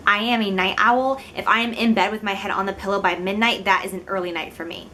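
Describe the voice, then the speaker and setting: A woman's voice: mid-range voice, steady tone, quick pace, sharp tone, slight background noise. A young woman in her twenties, from Illinois, talking casually to the camera in a chatty, giggly, self-deprecating way. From Illinois, United States. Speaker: beauty vlogger.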